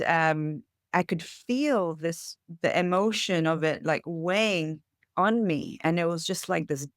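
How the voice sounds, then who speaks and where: A woman's voice: fairly low pitch, no room sound, studio quality. A woman who works as a life coach tells her personal story in a podcast interview, earnest and reflective, with many fillers. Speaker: intuitive life coach, guest.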